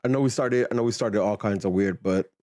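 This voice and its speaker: A man hosting a fan podcast in relaxed casual chat, often repeating words as he starts sentences. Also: on the low side, fairly quick, no echo, clean studio sound. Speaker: podcast host.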